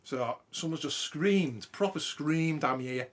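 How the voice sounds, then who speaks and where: A man's voice: a little high, a little slow. A man, hosting a podcast and telling a ghost story in a casual, sweary way. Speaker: podcast host.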